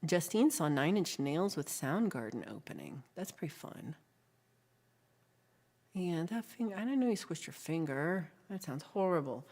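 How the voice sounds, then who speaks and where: A woman with a low voice hosts a relaxed livestream chat. She talks to her viewers in a chatty, rambling way, full of ums, and reads their messages aloud as she goes. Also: normal speed. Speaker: livestream host.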